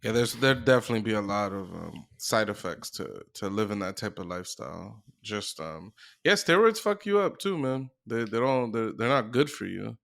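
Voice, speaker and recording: A man's voice: fairly low pitch, sing-song, moderate pace, creaky, fairly bright tone. Rambling man in a casual podcast chat. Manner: rambling, filler-heavy, profane. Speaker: podcast co-host.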